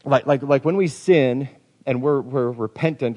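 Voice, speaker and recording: A man's voice: fairly high pitch, normal speed, mellow, big-room sound. A man preaching a sermon in an earnest way, often repeating words as he builds emphasis. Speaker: pastor.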